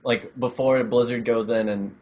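A man's voice: mid-range voice, fairly even intonation, normal speed, darkish tone, highs cut off. A man chatting on a gaming podcast, rambling and full of "like". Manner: rambling, lots of "like" fillers. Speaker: podcast co-host. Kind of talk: casual gaming podcast chat.

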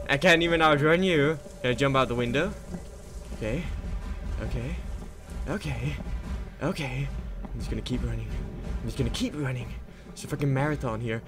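A man's voice: medium pitch, normal speed, fairly bright tone. A man playing a horror game on camera, talking nervously to himself as he goes and swearing and screaming at the scares. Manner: nervous running self-talk. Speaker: gaming video host.

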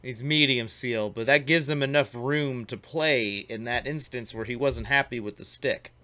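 A man's voice: medium pitch, normal speed, sharp tone. A man hosting a casual glassblowing talk show, chatting loosely with slang while commenting on a demo. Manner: laid-back, slangy, talks over a glassblowing demo. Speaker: host.

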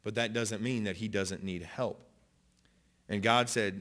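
His voice is lowish, his intonation fairly even and his pace measured as he preaches with passion in a church auditorium. The pastor moves from loud declarations to quiet storytelling, with many restarts and repeated phrases.

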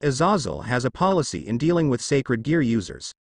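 A man reading a calm, menacing demon ninja. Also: medium pitch, brisk, gravelly, no room sound. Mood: cool. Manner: dry, pleasant, quietly threatening.

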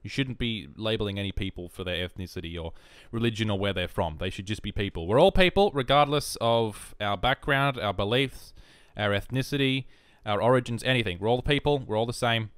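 A man's voice: lowish voice, brisk, hardly any pauses, a bit bright, clean tone, no room sound, studio quality. A man with an Australian accent rambling in casual, jokey, self-mocking commentary over a video game. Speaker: gaming YouTuber. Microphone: headphones and desk mic.

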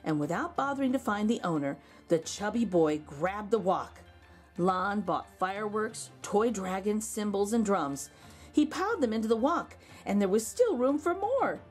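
A woman reading a children's picture book aloud, expressive with gentle asides. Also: mid-range voice, normal speed, soft background music.

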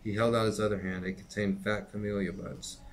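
A middle-aged man with a fairly low voice reads a novel aloud at an unhurried, steady pace. His delivery is plain and even, like a teacher reading to a class, with faint background noise. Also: poor audio. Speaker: reader and teacher.

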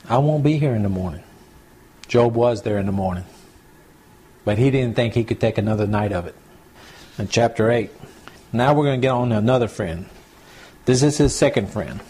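A man preaching a sermon as a pastor, reading scripture slowly and then paraphrasing it with rising emphasis and repetition. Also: mid-range voice, dark tone, slightly rough. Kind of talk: sermon, Bible teaching.

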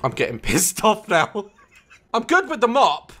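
A man's voice: sits high, wildly swooping pitch, a little slow, fairly bright tone. A man giving comedic gameplay commentary, frantic and swearing constantly, yelping and cackling as things go wrong. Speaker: gaming YouTuber.

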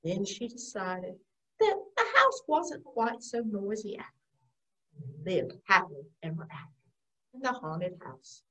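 A woman's voice: medium pitch, big pitch swings, measured pace, bright, forceful tone. Woman telling a sing-song children's story. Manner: playful, sing-song, with sound effects. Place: library. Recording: distant, dull lo-fi sound.

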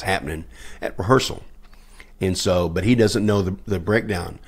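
A man with a very low voice, a guest musician on a podcast. He tells his stories with gusto, acting out the quoted lines and laughing often. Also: moderate pace, husky. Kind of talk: anecdotal storytelling in a podcast interview.

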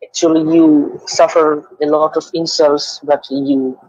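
An earnest male caller speaks gratefully, quoting verses from memory. His voice is a little high-pitched. It comes through a muffled phone line with a close, dead-dry sound. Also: flat delivery, unhurried, darkish tone, no room sound. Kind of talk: phone call to a live show.

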